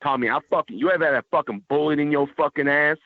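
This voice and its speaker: A man's voice: on the high side, fast talker, no room sound. A man calling into a show, taunting and threatening with heavy swearing, heard through dull phone-call audio. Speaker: caller. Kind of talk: prank call-in trolling.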